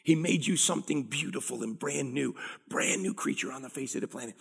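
A middle-aged man preaching a sermon, animated and drawing call-and-response from the congregation. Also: on the high side, a little fast, vocal fry, husky. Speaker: pastor.

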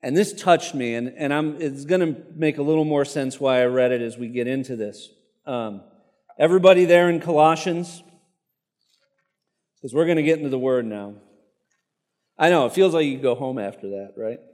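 A man's voice: medium pitch, normal speed, darkish tone, in a large hall. A man preaching a sermon, reading a martyr story aloud in an earnest tone with casual asides to the congregation.

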